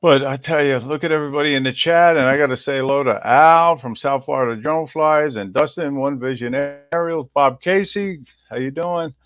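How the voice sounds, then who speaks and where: A man's voice: on the high side, normal speed, fairly bright tone, dull audio. A man hosting a casual livestream, rambling and greeting viewers in the chat one by one. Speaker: livestream host.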